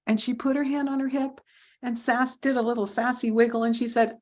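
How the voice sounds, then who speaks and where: A woman's voice: on the high side, fairly quick. A woman in her thirties giving a storytelling speech at a club meeting, acting out the voices of people in her story. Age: 30s. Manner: animated, acts out quoted voices. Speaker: Toastmasters speaker.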